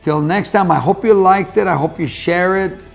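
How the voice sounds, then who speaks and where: A man's voice: sits high, moderate pace, gravelly, soft background music. A man giving a motivational talk in a folksy, conversational way, telling a farm fable and repeating his key points. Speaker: motivational speaker. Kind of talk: motivational storytelling monologue.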